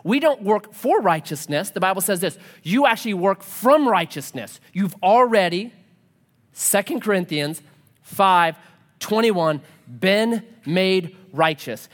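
A man preaching a sermon as a pastor, animated and joking, acting out quoted voices. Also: high voice, measured pace. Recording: long hall reverb.

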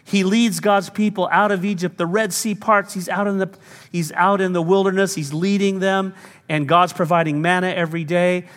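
Preaching pastor, echoing hall. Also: male voice, high-pitched, fairly even intonation, moderate pace, fairly bright tone. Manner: storytelling preacher, acts out quoted voices, laughs now and then. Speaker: lead pastor. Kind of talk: sermon. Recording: long hall reverb.

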